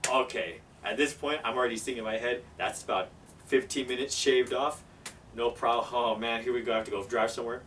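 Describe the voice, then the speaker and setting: A man telling a story casually, animated and acting out the people in it. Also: fairly low pitch. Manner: animated, acts out every character. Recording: distant mic, faint background noise.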